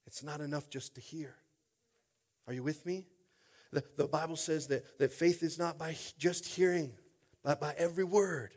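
A man preaching a sermon as a pastor, informal and jokey, dropping to quiet talk and then rising to shouting. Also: steady tone, normal speed. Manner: swings from quiet, low talk to loud shouting; informal, jokey, with repeated "are you with me?".

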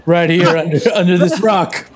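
A man's voice: high voice, steady tone, moderate pace, husky. A man voicing a cocky male rogue who talks in a smug, offhand drawl. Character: cocky male rogue, hides under rocks, casually bloodthirsty.

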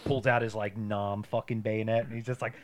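A man's voice: fairly low pitch, flat delivery, a little fast. A man co-hosting a casual podcast, retelling movie scenes with lots of swearing and laughter and quoting the characters along the way. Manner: profane storyteller, laughs a lot, quotes characters. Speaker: podcast co-host. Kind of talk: casual crude movie-riff chat.

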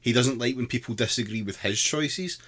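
A man talking in quick, sardonic bursts in casual banter. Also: mid-range voice, fairly bright tone.

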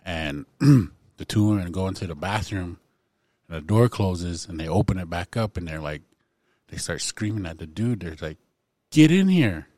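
A man hosting a casual podcast, telling a funny anecdote in an animated way. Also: low voice, normal speed, no room sound. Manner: animated storyteller, acts out voices in anecdotes. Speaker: podcast host.

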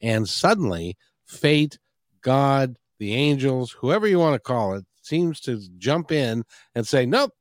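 A man's voice: medium pitch, animated, a little slow, no echo, clean studio sound. A man hosting a radio talk show, enthusiastic and chatty, rambling a little as he talks. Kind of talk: upbeat radio interview.

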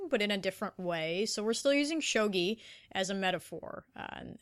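A woman co-hosting an anime podcast, recapping episodes in casual chat, animated, with lots of fillers and restarts. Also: mid-range voice, smooth. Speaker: podcast co-host.

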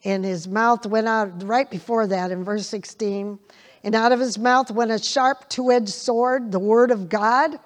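An older woman preaches slowly, taking her time over each phrase. Her voice sits a little high for a woman, and she keeps breaking into small chuckles. She drives scripture lines home by saying them again and again. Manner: folksy, laughing, repeats scripture emphatically. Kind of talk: sermon.

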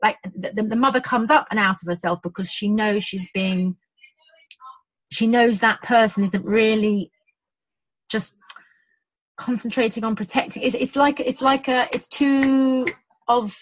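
A woman's voice: on the high side, unhurried, pauses often, dry recording, poor audio. A woman with a British accent who works in birth support, chatting casually and acting out quotes as she tells stories. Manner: animated storytelling with acted-out quotes. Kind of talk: casual chat.

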